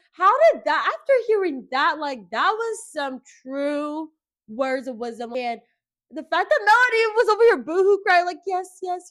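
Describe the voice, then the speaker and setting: A young woman hosting her own podcast, talking casually in gossipy, animated rants. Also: sits high. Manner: animated, gossipy, quick rants with mimicked voices. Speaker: podcast host. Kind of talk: casual solo chat.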